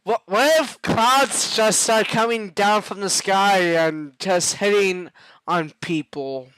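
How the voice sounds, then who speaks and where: A man's voice: high-pitched, takes it slowly, noisy background. A man chatting casually and laughing often. He stalls and repeats his words before he gets a question out. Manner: giggly, hesitant, repeats himself when starting a question. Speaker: person chatting with an AI chatbot. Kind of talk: casual chat.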